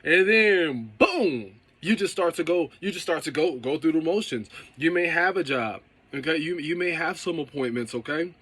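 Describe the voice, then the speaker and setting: A man's voice: a little high, animated, moderate pace, a bit bright, breathy edge. A man who runs a car detailing business, giving a casual motivational talk and often checking in with "okay?" and "right?".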